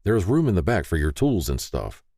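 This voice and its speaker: A wry older father speaks quietly with a dry, teasing edge, voiced by a male narrator. His voice stays low and unhurried. The recording is close and dry. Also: very animated, no room sound, heavily acted.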